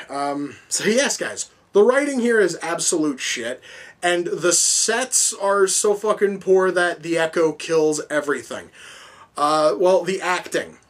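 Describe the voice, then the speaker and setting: Guy with a high voice ranting about a movie, swears a lot, rambles. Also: fairly bright tone. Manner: profane, exasperated, rambling. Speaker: film reviewer. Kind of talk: casual ranting review.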